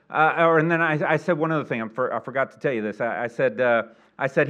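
A middle-aged man preaching a sermon as pastor, telling a story in a folksy way with many restarts, moving between quiet asides and loud, emphatic peaks. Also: mid-range voice, fairly even intonation, fast talker, hardly any pauses, highs cut off.

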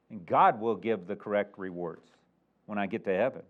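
A middle-aged man preaching a sermon as a pastor, animated and emphatic, chuckling now and then. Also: fairly low pitch, fairly quick. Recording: muffled lo-fi recording.

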